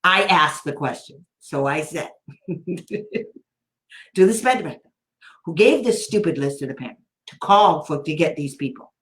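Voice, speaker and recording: A woman's voice: low voice, animated, a little slow, a bit bright, roomy sound. A woman special education advocate telling a story in casual talk, blunt and sarcastic, often laughing.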